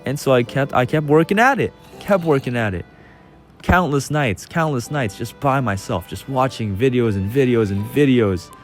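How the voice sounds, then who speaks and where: A young man telling a casual personal story over gameplay, excitable and rambling, often repeating his phrases. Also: mid-range voice, normal speed, faint music behind. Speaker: channel host.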